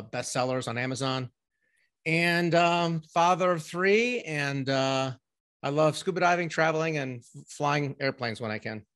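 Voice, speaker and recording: A middle-aged man talking as a guest on a remote interview, telling long stories in a rambling, animated way with many fillers and restarts. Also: medium pitch. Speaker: podcast guest, ghostwriting company owner. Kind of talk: casual interview storytelling.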